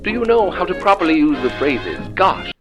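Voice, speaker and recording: A man putting on a loud, lower-pitched voice with a Mid-Atlantic accent, playing an old-time male newsreel announcer. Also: sing-song, moderate pace, poor audio. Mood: announcing. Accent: put-on Mid-Atlantic. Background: brass music.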